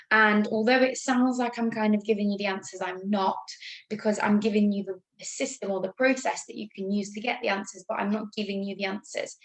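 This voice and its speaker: A woman's voice: medium pitch, vocal fry, echoey room, rough recording. A woman teacher with an English accent, giving a remote spelling lesson to young pupils in an upbeat, patient way. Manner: upbeat, talks slowly through spelling rules. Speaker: primary school teacher.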